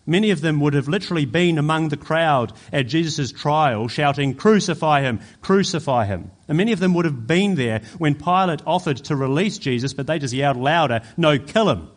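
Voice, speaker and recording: A man preaching a sermon as pastor, emphatic and building to forceful peaks. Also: a little high, a little fast, few pauses.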